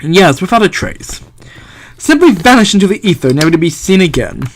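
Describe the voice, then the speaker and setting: A man voicing a calm male arbiter figure in a game, measured and solemn. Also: high voice, a little hiss or hum. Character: grand, calm male arbiter, an all-knowing judge.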